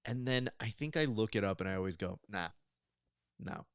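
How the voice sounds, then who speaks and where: Animated man telling stories on a podcast. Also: fairly low pitch, quick pace, clear, resonant tone, no echo, clean studio sound. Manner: animated storyteller, acts out quotes. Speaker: podcast co-host. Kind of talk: casual chat.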